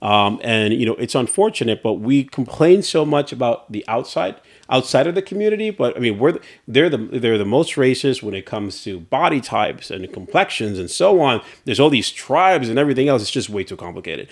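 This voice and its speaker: A man co-hosting a casual podcast chat, telling stories in an animated way and laughing often. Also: medium pitch, a little fast, few pauses. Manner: animated storyteller, laughs often, acts out reactions. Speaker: podcast co-host.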